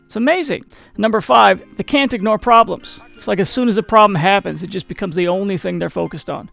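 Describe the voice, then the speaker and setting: Gravelly high-pitched man talking to camera. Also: fairly quick, a bit bright, soft background music. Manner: conversational, repeats and restarts, asks the viewer questions. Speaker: channel host. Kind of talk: casual talk to camera.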